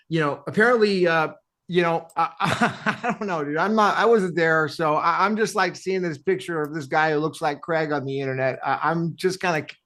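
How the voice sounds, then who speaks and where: A man's voice: fairly high pitch, a bit bright. A man hosting a live audio chat, casual and jokey, laughing often and calling people "dude". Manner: laughing, loose and jokey, says "dude" a lot.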